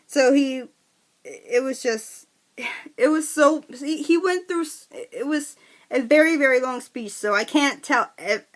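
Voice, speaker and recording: A woman giving a chatty, excitable wrestling recap to her viewers, full of restarts and fillers. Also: a little high. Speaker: wrestling vlogger. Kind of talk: casual recap vlog.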